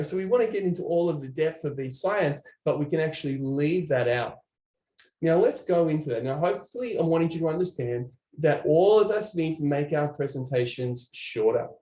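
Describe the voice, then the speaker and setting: A man with a fairly high voice gives a lively online training talk. He speaks in a chatty, animated way to his viewers. The sound carries a noticeable room echo. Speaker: presenter.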